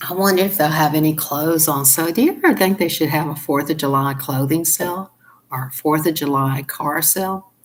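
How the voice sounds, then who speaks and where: A woman's voice: low voice, brisk. A woman with a Southern US accent, hosting a casual chat to her viewers, talking chattily, laughing often and acting out little voices. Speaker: channel host.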